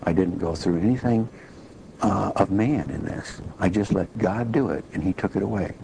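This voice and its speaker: A man's voice: sits low, normal speed, creaky, warm tone, a little hiss or hum, poor audio. A man giving an earnest personal testimony in a sermon, telling his story plainly.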